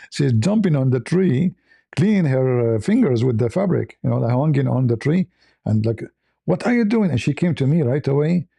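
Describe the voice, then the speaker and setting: Gravelly, husky man telling a story. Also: animated, moderate pace, dark tone, no echo. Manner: rambling, many restarts and fillers, squeaky voices when quoting. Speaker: host. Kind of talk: casual storytelling to an audience.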